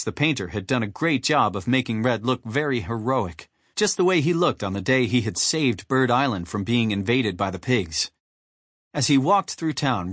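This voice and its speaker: A man narrating a children's audiobook in an animated storytelling manner. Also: mid-range voice, breathy edge, dry recording, studio quality. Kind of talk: scripted narration.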